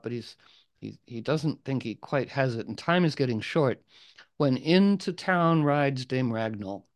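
A man telling an old legend aloud in a casual, rambling way with asides. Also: medium pitch. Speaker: storyteller. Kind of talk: oral storytelling.

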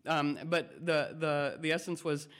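Speaking on the high side at a measured pace, a spiritual teacher gives a playful, wandering talk to a group. He moves between ideas and performs quotations in animated voices.

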